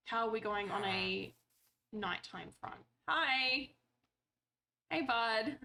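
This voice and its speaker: A woman's voice: fairly high pitch, lively intonation, takes it slowly, creaky, pushed and bright. A woman streamer chatting playfully through her gameplay, talking to the characters on screen and swearing casually.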